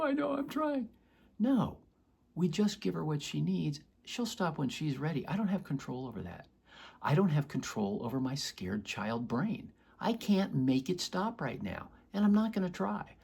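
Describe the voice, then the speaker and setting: A man's voice: medium pitch, gravelly, a little mellow, husky. A man, a doctor, explaining earnestly to camera and acting out quoted voices in his examples. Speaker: doctor teaching about chronic pain. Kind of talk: educational talk to camera.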